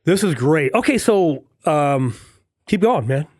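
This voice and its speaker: A middle-aged man hosts a relaxed interview with a fairly high voice. He chats easily and drops in short reactions. His sound is dry and close, with no room echo. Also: unhurried. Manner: chatty, frequent short reactions. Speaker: podcast host. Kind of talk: casual interview chat.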